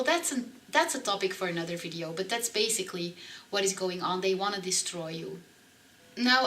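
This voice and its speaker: Earnest woman vlogger, emphatic and candid; bright, sharp tone, recorded at some distance from the mic. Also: mid-range voice, slight background noise. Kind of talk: personal storytelling to camera. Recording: voice a bit far from the mic.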